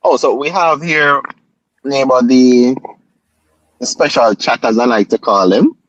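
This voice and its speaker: A man's voice: mid-range voice, unhurried, fairly bright tone, dry recording, highs cut off. A man co-hosting a live stream in easygoing casual chat, often repeating his words. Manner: easygoing, repeats words, calls others neighbor.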